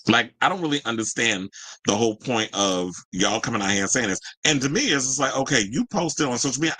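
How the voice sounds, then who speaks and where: A man's voice: medium pitch, animated, quick pace, bright, forceful tone, no room sound. A man hosting a casual livestream who chats to his viewers, reads a news article aloud and comments on it in a chatty, easily irritated way. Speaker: livestream host.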